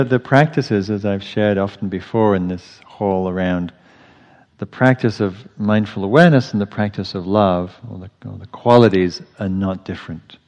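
In a meditation hall, a male meditation teacher gives a dharma talk in a lowish, steady voice at normal speed. He speaks gently and reflectively, often restarting phrases, and the dull audio carries a long hall reverb.

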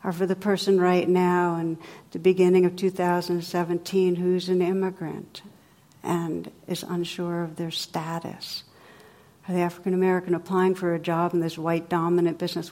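A middle-aged woman gives a dharma talk with a fairly low voice. She tells her stories in a gentle, conversational way and sounds like a meditation teacher talking with her group. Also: flat delivery, normal speed. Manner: gentle, conversational storytelling with playful sound effects.

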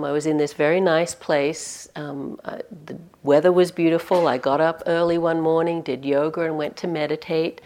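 A woman with a somewhat low voice leads a dharma talk as a meditation teacher. She speaks in a reflective, candid way and pokes fun at herself as she tells her stories. She is talking to a live retreat audience. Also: darkish tone. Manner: reflective, candid storytelling with self-deprecating humor.

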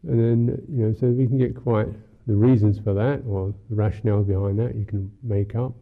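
A Buddhist monk teacher giving a dharma talk in a musing, unhurried, wry way, often saying "you know". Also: male voice, on the low side, steady tone, creaky. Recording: tinny lo-fi talk recording.

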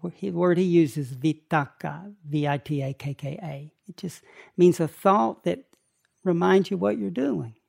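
Slow, gravelly-voiced older male meditation teacher. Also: fairly high pitch. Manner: slow, gentle, pausing between short phrases. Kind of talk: guided meditation talk.

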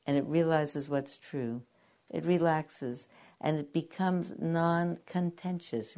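An older woman speaks in a very deep, low voice as she gives a dharma talk. She tells stories gently, pausing often and reaching for her words with small fillers. Her tone stays unhurried and reflective. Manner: gentle storytelling with many pauses and fillers. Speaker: meditation teacher. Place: meditation hall.

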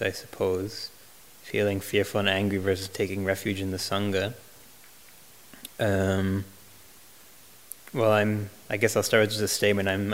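A man who is a Buddhist monk, answering retreat questions in a gentle, reflective way, with frequent pauses and restarts. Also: lowish voice. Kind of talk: retreat Q&A talk.

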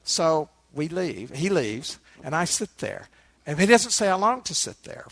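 A man giving a meditation dharma talk, a relaxed storyteller who adds asides to his listeners. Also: on the high side, measured pace, vocal fry, no echo. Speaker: meditation teacher.

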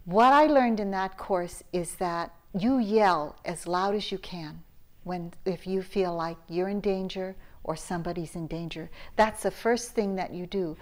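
A woman's voice: lowish voice, a little slow. A middle-aged woman teacher giving a dharma talk at a meditation retreat, telling a story conversationally with laughs and restarts.

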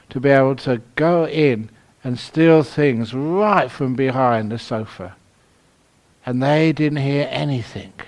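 Man from London, Buddhist teacher; unhurried, mid-pitched, playful storyteller. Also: a little mellow. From London, England. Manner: humorous storytelling, laughs at his own jokes. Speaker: Buddhist monk, meditation teacher. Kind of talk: dharma talk at a meditation retreat.

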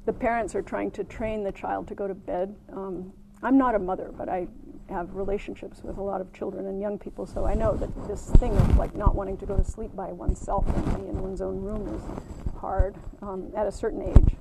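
A woman meditation teacher giving a gentle, unhurried dharma talk at a retreat center, with many ums and light laughter at her own stories. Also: mid-range voice, little pitch movement, gravelly, background noise.

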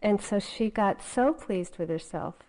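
A woman's voice: mid-range voice, measured pace, warm tone, rough recording. A woman meditation teacher giving a dharma talk in a conversational way, often adding "you know" as she goes.

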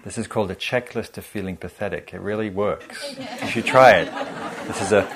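A man's voice: lowish voice, a little fast, a bit bright, some chatter behind, slight background noise. A man giving a meditation teaching in a humorous, conversational, self-deprecating way. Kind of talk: dharma talk.

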